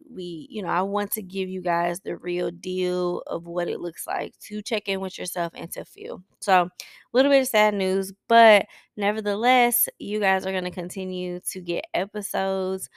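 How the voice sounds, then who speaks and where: Just a woman talking about her week on her podcast, candid n rambly, kinda teary, fry in her voice, dry sound. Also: fairly low pitch, no echo. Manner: candid, emotional, rambling with restarts. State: tearful. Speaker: podcast host. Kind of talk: personal check-in talk. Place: Saint Louis.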